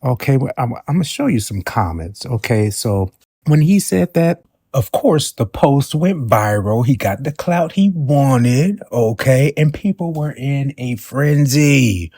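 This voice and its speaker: A man in his forties giving sassy, animated commentary as a vlogger, keeps calling the listener baby and asking okay?. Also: mid-range voice, measured pace, husky, no echo, clean studio sound. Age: 40s. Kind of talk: commentary vlog.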